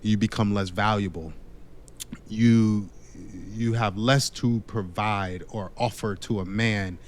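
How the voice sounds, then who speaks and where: A man with a fairly low voice lectures in a measured, steady way, pausing on fillers as he explains. Faint background noise sits under the recording. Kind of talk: scripted dating monologue.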